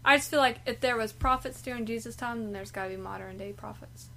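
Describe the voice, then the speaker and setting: A woman with a fairly high voice trades brash jokes on a casual podcast and swears freely. A faint hum sits under her recording. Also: quick pace, gravelly, fairly bright tone.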